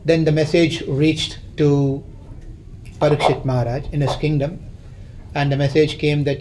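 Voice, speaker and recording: A man's voice: a little high, little pitch movement, measured pace, darkish tone, slight background noise, low-quality recording. A man teaching a scripture class, retelling a story, often repeating or restarting phrases and quizzing his listeners.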